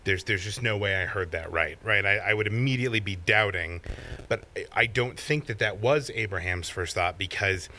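A man with a low, bright voice shares his thoughts in a Bible study discussion. He speaks reflectively, stumbling over a word here and there before reading scripture. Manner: thoughtful, halting, repeats words.

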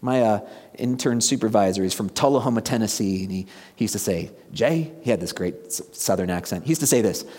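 Animated preacher in an echoing hall. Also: male voice, fairly low pitch, brisk, slightly rough. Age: about 50. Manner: animated, asks the congregation questions, drops to a hushed near-whisper for emphasis. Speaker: pastor. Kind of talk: conversational sermon. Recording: long reverb of a large hall.

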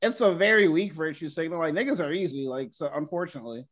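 A man's voice: on the high side, expressive, fast, a bit bright. A man in a casual podcast chat, talking bluntly and crudely with plenty of swearing.

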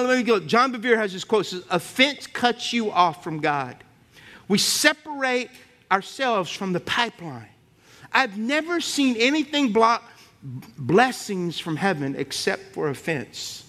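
A middle-aged pastor preaching with rising fervor. His voice sits high and ringing, bright and forceful. He repeats phrases, drives toward shouted peaks, and calls out to the congregation. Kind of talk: sermon.

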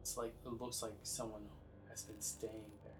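A man's voice: medium pitch, little pitch movement, moderate pace, over music, rough recording. A man narrating as game master of a tabletop game, in a loose style full of "like" fillers.

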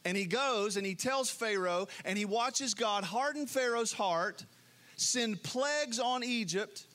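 A man preaching a sermon, retelling scripture in an expressive storytelling way that drops low and soft for emphasis. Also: measured pace. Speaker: pastor.

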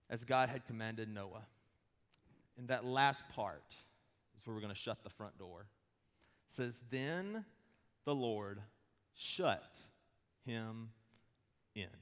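A pastor in his thirties giving a conversational sermon, mixing quick humor with slow emphatic pauses. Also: mid-range voice, a bit bright. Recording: long hall reverb.

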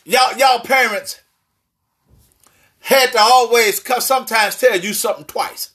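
A man preaching a sermon as pastor, with shouted emphasis and call-and-response to the congregation. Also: very high-pitched, measured pace.

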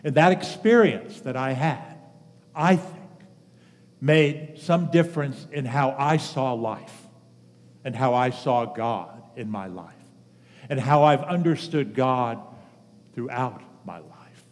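A pastor in his 70s preaches a sermon in a medium-pitched voice, earnestly telling personal stories with measured pauses. The large hall he speaks in gives a long reverb.

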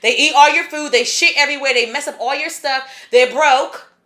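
Bright-voiced blunt woman podcast co-host. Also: high-pitched, moderate pace. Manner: blunt, swears freely, laughs often. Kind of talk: casual podcast chat.

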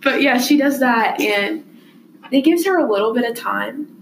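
A woman's voice: sits high, lively intonation, normal speed, a little hiss or hum, low-quality recording. A young woman co-hosting a podcast, chatting playfully and acting out scenes as she recaps a TV show. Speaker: podcast co-host. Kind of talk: casual TV recap chat.

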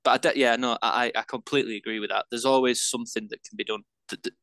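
A man's voice: medium pitch, steady tone, fast, a bit bright, dry recording. A man co-hosting a casual beer podcast, self-deprecating and rambling, with lots of fillers as he talks about brewing. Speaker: podcast co-host and home brewer. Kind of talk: casual chat.

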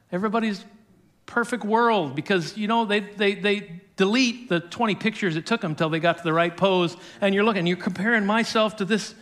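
High-voiced man preaching a sermon. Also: a bit bright. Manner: storytelling with acted quotes and chuckles. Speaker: pastor.

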